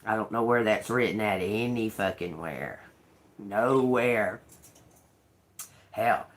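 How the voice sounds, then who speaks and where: A woman tarot reader talking in a casual, rambling monologue, blunt, sarcastic and full of swearing, laughing between remarks. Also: a bass voice. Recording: noisy home recording.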